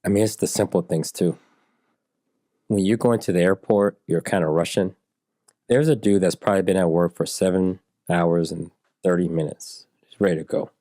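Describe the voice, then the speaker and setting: A man's voice: low voice, fairly even intonation, normal speed, warm tone, no echo, studio quality. A man in his forties, a podcast guest telling stories and acting out the dialogue in them. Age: 40s. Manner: storyteller who acts out dialogue. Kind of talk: podcast conversation.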